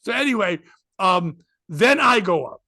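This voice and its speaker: A comedian guest on a podcast, this man has a high voice and speaks a little slowly, recorded dry in a clean studio. He tells funny stories in an animated way, laughing often and acting out what people said.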